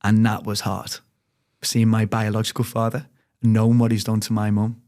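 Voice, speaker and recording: A man's voice: lowish voice, completely flat delivery, darkish tone. A man, an interview guest speaking openly and earnestly about his life. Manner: open, earnest, rapid storytelling. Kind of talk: candid personal interview.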